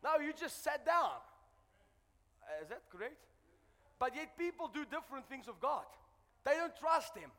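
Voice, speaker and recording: A man's voice: very high voice, sing-song, normal speed, long pauses, pushed and bright. A South African man preaching a fervent, humorous sermon as pastor in a church building. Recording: long church hall reverb.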